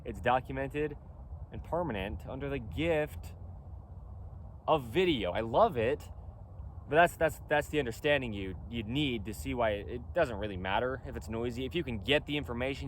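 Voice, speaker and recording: Outdoors in a casual vlog, a company founder speaks in an expressive, medium-pitched voice at a moderate pace. He's emphatic and insistent, going over his points repeatedly as faint wind and traffic sound in the background.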